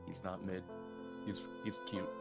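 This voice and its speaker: A man's voice: sits low, level tone, a little slow, gravelly, soft background music. A man at a tabletop game, indignant and emphatic, swearing as he defends his opinions. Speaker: player. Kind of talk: casual banter before a tabletop game.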